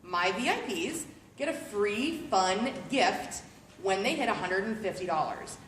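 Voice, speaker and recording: A woman's voice: medium pitch, expressive, measured pace, a bit bright, a little hiss or hum. A woman working as a party sales consultant, giving a playful, chatty live product demo to a group of guests at a home party. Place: living room at a home party. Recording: roomy room recording.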